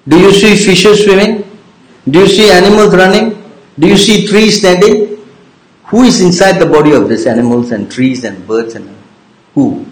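A man's voice: fairly high pitch, roomy sound, low-quality recording. A man teaching a devotional class, informal and teasing, who keeps checking with his listeners by asking "yes?" and "understand?" after each point. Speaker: religious teacher.

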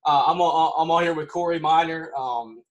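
A man hosting a podcast in casual chat, relaxed and agreeable with his guest. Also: on the high side, moderate pace, muffled recording, crowd noise. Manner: easygoing, agrees a lot, laughs along. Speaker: podcast host.

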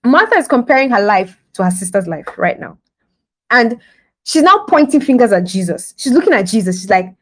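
A woman preaches a devotional podcast sermon in a loose, conversational way. Her voice sits at a middle pitch, and she breaks into laughter and acts out little scenes as she goes. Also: big pitch swings, brisk, rough recording.

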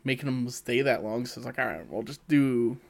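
A man's voice: mid-range voice, animated, fairly quick, vocal fry. Man, podcast co-host, rambling casual chat, chuckles between words. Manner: rambling, lots of fillers, chuckles mid-sentence.

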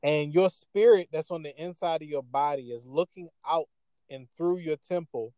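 Higher-voiced man speaking like a preacher. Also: moderate pace, warm tone, no room sound. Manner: earnest, sermon-like. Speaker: host. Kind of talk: preaching-style talk.

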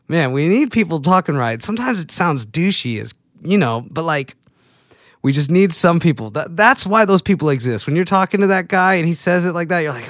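A man's voice: a little high, lively intonation, a little fast, a bit bright, no room sound, clean studio sound. A man chatting casually to his viewers, rambling and laughing at his own mistakes. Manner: self-deprecating, rambling, laughs at himself. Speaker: vlogger. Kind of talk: casual chat to camera.

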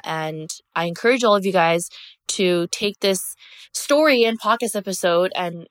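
A woman's voice: fairly low pitch, fairly bright tone, no room sound, studio quality. A young woman hosting her own podcast, telling a personal story in a candid, emphatic way, with lots of "like" and swearing. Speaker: podcast host. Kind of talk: casual storytelling monologue.

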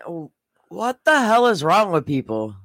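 Bright-voiced wife trading sarcastic banter. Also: female voice, fairly low pitch, big pitch swings, a little slow, no echo. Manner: laughing, sarcastic comebacks. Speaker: podcast co-host. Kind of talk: casual banter.

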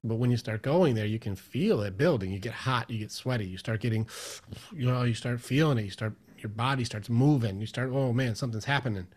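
Animated man telling a story. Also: mid-range voice, brisk. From Michigan, US. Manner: animated storyteller, acts out his own inner voice. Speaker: podcast guest, mindset coach. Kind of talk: casual interview chat.

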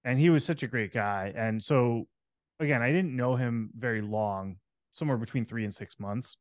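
A man's voice: mid-range voice, no echo. Candid man telling a story, dry sound. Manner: candid, reflective, with many fillers. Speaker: podcast host. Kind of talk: personal storytelling in conversation.

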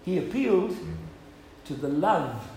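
A man's voice: a little high, very animated, unhurried, darkish tone, reverberant, a little hiss or hum, low-quality recording. A male pastor preaching an earnest sermon, building up to emphatic appeals and asking "Amen?".

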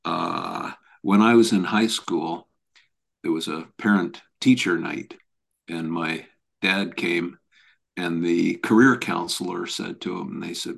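A man who is a professor speaks as a podcast guest and tells stories in an earnest way. His voice is deep, and he often doubles words as he finds his footing. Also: steady tone, takes it slowly, vocal fry. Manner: earnest, repeats words as he restarts. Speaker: professor of spine biomechanics, guest. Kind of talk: conversational storytelling.

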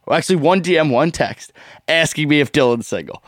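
A young man telling a funny story to his co-host. His voice sits a little high and bounces all over as he laughs through it. The sound is dry and close, with no room echo. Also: moderate pace. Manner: animated storytelling, laughs often, swears freely. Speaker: podcast host. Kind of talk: casual chat.

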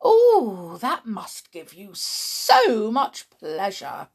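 A woman's voice: fairly high pitch, wildly swooping pitch, extremely slow, husky, exaggerated voice. A woman reading aloud, voicing a cruel, spiteful female school matron with a sneering manner. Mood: gloating. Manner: sneering, gleeful about cruelty.

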